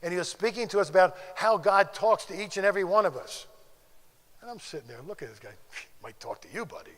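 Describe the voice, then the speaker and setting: Older man, slightly high voice, storytelling speech, long reverb of a big hall. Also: animated, fast talker, a bit bright. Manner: storytelling, conversational, acts out quoted dialogue. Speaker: conference speaker. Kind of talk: faith testimony speech. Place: conference hall.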